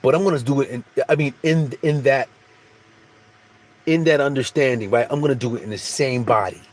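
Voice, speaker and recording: A man's voice: mid-range voice, brisk. A man giving a casual, rambling spiritual monologue, repeating phrases and restarting sentences. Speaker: spiritual speaker.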